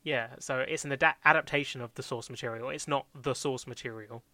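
A man's voice: mid-range voice, steady tone, fairly quick, pushed and bright. A young man chatting casually about TV shows as a podcast co-host, rambling with lots of fillers, restarts and laughs. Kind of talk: casual chat reviewing TV shows.

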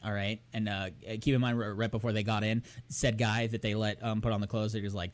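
A young man with a fairly low voice retells a TV episode in a loose, rambling way on a podcast. He slips into the characters' lines as he goes, and keeps his tone casual and conversational. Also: level tone, fast talker, few pauses. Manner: rambling storyteller who acts out characters' lines. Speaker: podcast co-host. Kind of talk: casual chat, recapping a TV episode.

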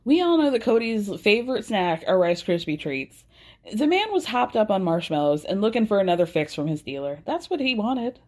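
A young adult woman hosting a casual, gossipy TV recap, sassy and animated, with sarcastic asides. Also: medium pitch, moderate pace. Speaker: recap podcast host.

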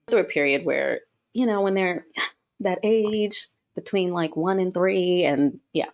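A woman co-hosting a podcast, chatting casually in a relaxed, rambling way and laughing often. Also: fairly low pitch, slow. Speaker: podcast co-host. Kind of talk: casual chat.

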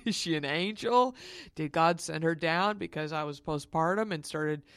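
A woman's voice: low-pitched, smooth, dry recording, studio quality. A woman hosting a podcast, telling a personal story in a frank, emphatic and confiding way and calling her listeners honeys. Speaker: podcast host.

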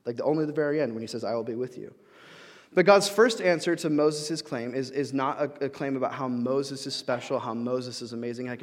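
A young man preaching in a relaxed, chatty way, full of fillers and restarts, now and then acting out the voices he quotes. His voice sits at an ordinary middle pitch. It rings with a long reverb, as in a large hall. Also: normal speed. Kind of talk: conversational sermon.

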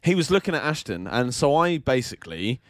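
A man trading anecdotes on a casual podcast, sweary and quick to laugh. His mid-pitched voice swings up and down with lively expression, recorded close and dry with no room sound. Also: no room sound. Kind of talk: casual chat, storytelling.

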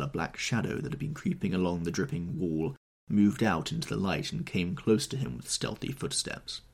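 A man with a deep voice reads a classic novel aloud as the narrator and host of a storytelling podcast. His reading is expressive and dramatic, with a wide, lively pitch. The tone is gravelly and husky.

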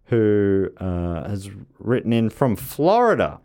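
A man with a fairly low voice co-hosts a casual podcast chat. He reads out listener messages, stops and restarts sentences, and laughs often between remarks. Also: sing-song, slow, dark tone. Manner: chatty, laughs often, frequent fillers and restarts. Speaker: podcast co-host reading listener mail.

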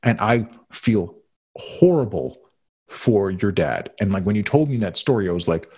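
A man in casual conversation who speaks heartfelt and halting, with stammering restarts, while concussed. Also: on the low side, lively intonation, warm tone, slightly rough. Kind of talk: emotional conversation.

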